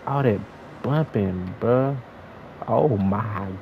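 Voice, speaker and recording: A young man giving slangy, excitable trash-talk commentary over his own basketball video game play. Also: lowish voice, very slow, vocal fry, phone-quality sound, background noise. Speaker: gaming YouTuber. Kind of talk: live gameplay commentary.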